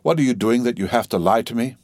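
A man's voice: mid-range voice, fast, a little mellow, no room sound, clean studio sound, lightly acted. A man voicing a jealous laborer husband who speaks in a hard, accusing, clipped way in an audiobook.

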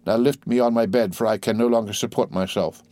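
A man's voice: on the low side, fairly even intonation, a little fast, mellow, dry recording, natural voice. Dying old priest, weak and fading, slipping to a whisper in a dry close read, as the male reader puts him on. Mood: weak, urgent. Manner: faint, fading, at times whispered.

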